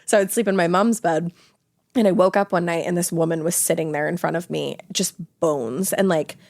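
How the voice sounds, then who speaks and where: A woman's voice: lowish voice, normal speed, gravelly, a little mellow, dry recording, clean studio sound. A woman chatting casually, recalling a memory in a rambling way with many fillers. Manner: rambling, filler-heavy recollection. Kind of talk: casual chat.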